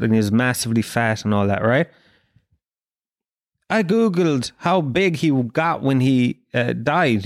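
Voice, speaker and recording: A man hosts a comedy podcast, delivering a loose, profane monologue that pokes fun at himself. His voice sits somewhat high. The sound is dry, with almost no room echo. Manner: profane, self-mocking ranting. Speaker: podcast host.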